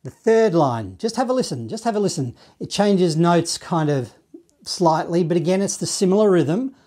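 A man's voice: high voice, moderate pace. Easygoing man teaching saxophone. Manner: relaxed, encouraging, scats the phrases with syllables. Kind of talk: online music lesson.

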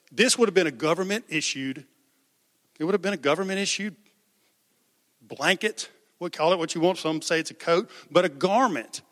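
A man's voice: a little high, a bit bright, big-room sound. A man preaching a sermon as pastor, conversational, raising his voice for quoted cries.

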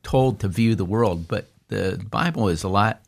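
A man, a pastor, talking through a psalm in a casual discussion, with many restarts and fillers that lift into animated quotes. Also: lowish voice, moderate pace, vocal fry.

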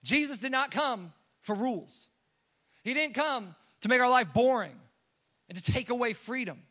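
Bright-voiced young male preacher. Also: very high-pitched, normal speed. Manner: animated storytelling, acts out quotes, casual fillers. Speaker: pastor. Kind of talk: sermon.

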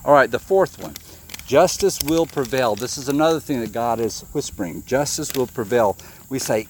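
A man's voice: mid-range voice, lively intonation, normal speed, slight background noise. A man giving an informal sermon, reading scripture and asking his listeners questions, often repeating himself. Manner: conversational, questions the audience, repeats words. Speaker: preacher.

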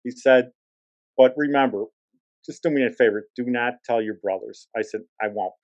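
A man's voice: mid-range voice, normal speed, dull audio. Older man telling a street story. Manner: animated, acts out others' lines. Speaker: podcast host. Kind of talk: casual anecdote storytelling.

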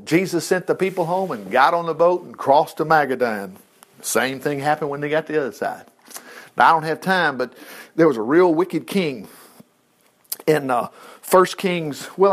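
A middle-aged man preaching a sermon, retelling scripture with lively asides and exclamations. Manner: animated, swings pitch widely, asides and exclamations.

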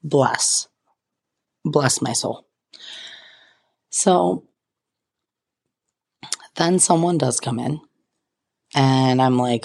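A woman's voice: extremely low pitch, extremely slow, gravelly, pauses often, a little mellow. A young woman hosting a podcast, telling a funny personal story with self-mocking, dramatic asides. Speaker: podcast host. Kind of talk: casual storytelling.

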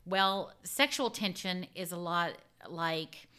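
A woman's voice: on the low side, takes it slowly, sharp tone, clean tone. A woman talking frankly and with animation as an interview guest, laughing often. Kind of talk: casual interview chat.

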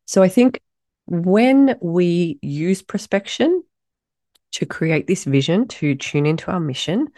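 A woman hosting her own podcast alone, her voice low and husky with a gravelly edge, hoarse after being ill. She talks in a warm, mellow tone, gushing and chatty, and the sound is dry and close. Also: big pitch swings, takes it slowly, no room sound. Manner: enthusiastic, effusive, chatty. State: hoarse from recent illness. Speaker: podcast host. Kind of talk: solo podcast monologue.

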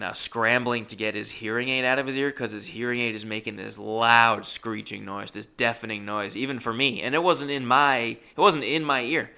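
A man's voice: lowish voice, gravelly, pushed and bright, clear, resonant tone. A young man, a comedian, telling a rambling, self-deprecating story. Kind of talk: comic storytelling.

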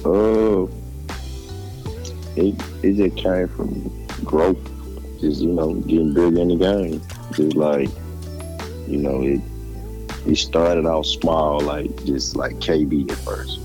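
Young man, memphis southern accent, very deep, mellow, halting and laid-back, faint music behind. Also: fairly even intonation, rough recording. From Memphis, Tennessee. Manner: halting, many fillers and restarts, laid-back. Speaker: rapper guest. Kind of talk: casual interview answers.

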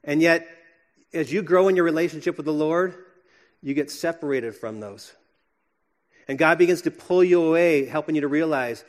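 A man delivers a sermon in an earnest preaching manner. His voice sits a little high for a man. He moves between soft, hushed passages and emphatic stretches. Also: lively intonation, normal speed. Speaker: pastor.

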